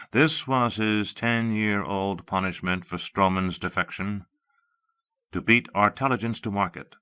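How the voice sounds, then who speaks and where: A man narrating an audiobook in a measured, expressive reading. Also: low-pitched. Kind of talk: scripted narration. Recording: dull lo-fi cassette audio.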